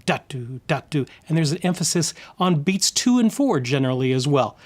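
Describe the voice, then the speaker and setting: A man giving an instructional guitar lesson, explaining patiently and counting and scatting rhythms aloud. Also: on the high side. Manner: friendly, explanatory, with restarts. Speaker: guitar teacher.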